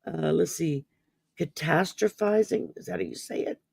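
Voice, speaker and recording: A man's voice: on the high side, steady tone, a little fast, creaky, mellow, dry recording. A man hosting a casual talk about mental wellness, rambling with many ums and restarts, sounding sleepy. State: sleepy, yawning. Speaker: podcast host.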